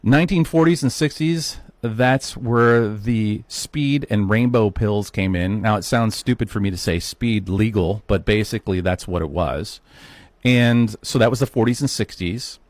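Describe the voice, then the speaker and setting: A health talk host in his fifties gives a casual solo educational talk, guiding viewers through a history with chatty rhetorical asides. His voice is fairly low and a little slow, captured in a dry recording.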